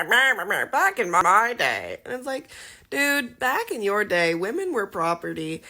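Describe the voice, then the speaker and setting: Bright-voiced mocking woman. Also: medium pitch. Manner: mocking, exasperated. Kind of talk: social media rant.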